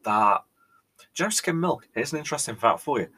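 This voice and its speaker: A man's voice: medium pitch, animated, pushed and bright. Theatrical British man ranting. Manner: theatrical, exasperated, pausing, repeats "right?". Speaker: podcast host. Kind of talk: mock-outraged monologue.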